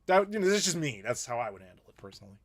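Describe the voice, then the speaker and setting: A man's voice: fairly high pitch, big pitch swings, racing. Opinionated American man hosting a live chat. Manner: opinionated, playful ranting with laughs. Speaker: YouTube host.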